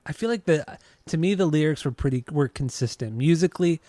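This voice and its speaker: A man's voice: on the high side, animated, fairly quick, mellow, no echo, clean studio sound. A man co-hosting a podcast, chatting casually about music in a laid-back, teasing way. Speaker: podcast co-host.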